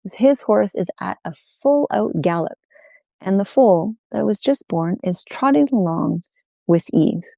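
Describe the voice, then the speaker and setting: A woman telling a folk tale aloud, unhurried, repeating phrases in an oral style. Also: mid-range voice, lively intonation, vocal fry, mellow, no echo. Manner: unhurried, with many repetitions. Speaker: storyteller.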